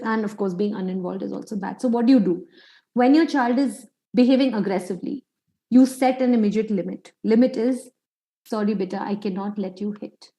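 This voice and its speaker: A woman's voice: on the high side, dark tone, poor audio. A woman, a clinical psychologist answering a parent's question in a webinar, asking rhetorical questions with a few fillers. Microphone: video call.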